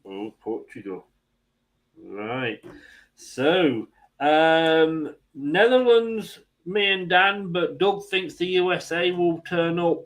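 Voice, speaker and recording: A man's voice: fairly high pitch, slow, a bit bright, rough recording. A man from England hosting a casual football chat, chatty, laughing often and restarting his sentences. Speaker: host.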